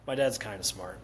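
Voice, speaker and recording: A man on a podcast as a comedian guest, telling animated stories with swearing and lots of laughter. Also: mid-range voice, slight background noise. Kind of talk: casual podcast chat.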